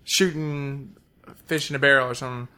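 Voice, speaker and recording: A man's voice: mid-range voice, fairly even intonation, brisk, sharp tone. A man co-hosting a casual car podcast, rambling and joking, laughing often. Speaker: podcast co-host.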